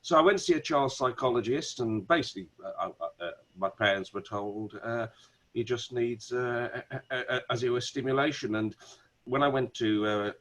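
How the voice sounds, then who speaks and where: A man's voice: fairly low pitch, poor audio. Wolverhampton-accented man telling stories. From Wolverhampton, England. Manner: animated storyteller, many restarts. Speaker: barrister, guest. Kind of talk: conversational interview. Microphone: video call.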